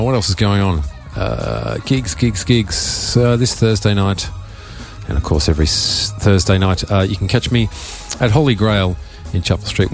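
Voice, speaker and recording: An Australian man hosting a radio show in a studio, chatting casually with a croaky voice and a rambling, offhand manner. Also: deep voice, darkish tone. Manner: rambling, offhand, self-mocking. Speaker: radio DJ host.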